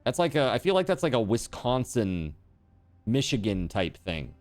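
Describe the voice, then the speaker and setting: A man's voice: mid-range voice, sing-song, moderate pace, darkish tone, faint music behind. A man streaming a video game, chatting casually and teasingly with his viewers as he plays. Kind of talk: casual chat while gaming on stream.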